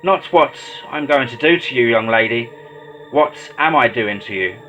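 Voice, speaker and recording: A man voicing a sinister, controlling male mad doctor in a horror story, speaking in slow, measured, menacing tones. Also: medium pitch, animated, sharp tone, lo-fi sound, faint music behind. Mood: lecturing.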